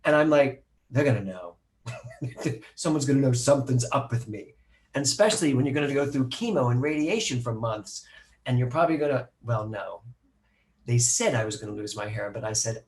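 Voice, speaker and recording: A middle-aged man, a minister, telling a personal story to a live audience, animated and acting out the voices of the people he quotes. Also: medium pitch, normal speed. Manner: animated, acts out quoted voices, laughs at himself.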